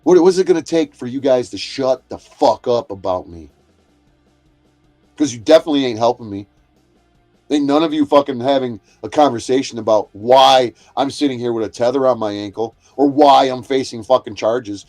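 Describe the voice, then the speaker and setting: A man's voice: mid-range voice, moderate pace, a little mellow, soft background music. A man hosting a livestream, delivering a profane and confrontational rant that keeps circling back on itself. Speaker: livestream host. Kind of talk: angry ranting monologue.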